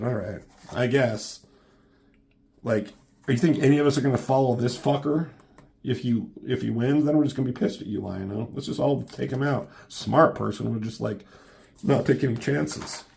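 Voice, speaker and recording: A man casually reviews a comic book, rambling, joking and swearing freely. His voice has a gravelly fry and sits at an ordinary male pitch. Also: normal speed, a little mellow.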